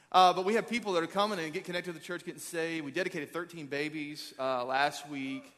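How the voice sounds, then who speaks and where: A man in his thirties, a pastor preaching a sermon, energetic and joking as he rallies the crowd. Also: a little high, brisk, hardly any pauses. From Arkansas. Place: large church auditorium. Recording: long hall reverb.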